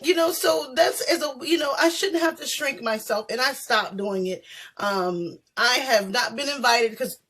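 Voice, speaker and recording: A woman guest on a panel talk, blunt and emphatic, often restarting her sentences as she pushes her point. Her voice is a touch high and husky. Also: normal speed, a bit bright. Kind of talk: candid conversation.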